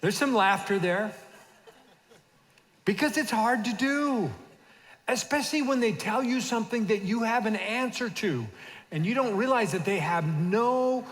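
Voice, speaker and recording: A man's voice: high voice, fairly bright tone. Older male pastor preaching in a hall. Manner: urges the congregation to repeat after him. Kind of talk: sermon. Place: church sanctuary. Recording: long reverb of a church hall.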